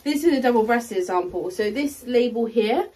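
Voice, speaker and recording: A woman's voice: fairly high pitch, animated, moderate pace, warm tone. Chatty woman with lots of fillers. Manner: chatty, rambling, many fillers and restarts. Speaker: co-host, luxury reseller. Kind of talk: casual chat, showing thrift finds.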